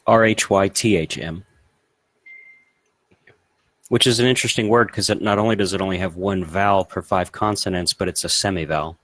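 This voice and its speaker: A man's voice: sits low, fairly even intonation, moderate pace, long pauses, a bit bright, no echo. A man in casual chat, explaining ideas with confident, matter-of-fact ease and the odd swear word.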